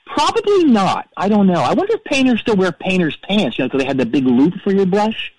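Self-righteous music-snob caller, stammering, rambling, high-ish voice, very lively pitch, dry close sound. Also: male voice, fairly quick, no room sound, low-quality recording. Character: petty, self-righteous middle-aged rock-fan caller. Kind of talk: comedic call-in storytelling.

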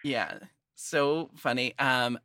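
A man hosts a podcast in casual chat, talking loosely with many fillers and frequent laughs. His medium-pitched voice is bright and forceful, and he takes it slowly, recorded in clean studio sound with no echo.

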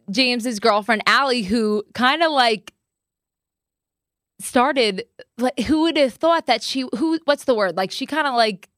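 A young woman hosting a casual podcast chat. She talks in an animated way and acts out quotes with big jumps in pitch. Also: dry recording, studio quality. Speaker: podcast host.

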